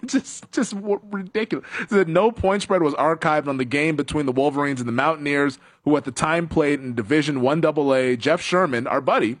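A man's voice: fairly high pitch, moderate pace, few pauses. A man hosting a sports talk show, chatting casually, laughing often and acting out quotes. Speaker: sports radio host.

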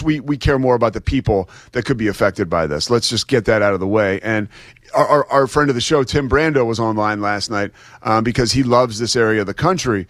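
A man's voice: mid-range voice, fairly bright tone, no echo, studio quality. A man appearing as a guest sports commentator, chatty and enthusiastic about the games. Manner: enthusiastic, chatty, easy laughs. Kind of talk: casual sports talk.

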